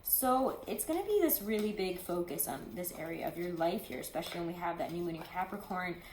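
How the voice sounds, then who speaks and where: A woman with a lowish voice gives a casual tarot reading, rambling along with plenty of "like"s and side remarks. She is recorded in a room with a noticeable echo. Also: lively intonation, fairly quick, a little mellow, a little hiss or hum. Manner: chatty, rambling, many "like"s and asides. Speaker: tarot reader.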